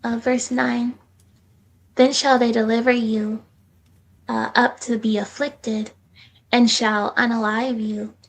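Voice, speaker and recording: A woman reading scripture aloud in a steady, measured way during a Bible study. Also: a little high, rough recording. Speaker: scripture reader.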